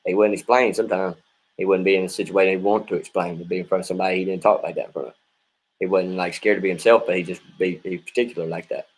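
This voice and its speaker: A man with a very low voice tells a personal story at a quick clip. He rambles, doubles back and keeps checking in with his listener. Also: steady tone, husky, rough recording. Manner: casual and rambling, keeps adding "you know what I mean".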